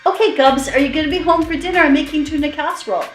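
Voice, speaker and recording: A woman's voice: high-pitched, very fast, reverberant, soft background music, natural voice. A woman in a comedy sketch playing a doting, confused mother who fusses over her son. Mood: fussing. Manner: sweet, fussing. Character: doting, bewildered suburban mom.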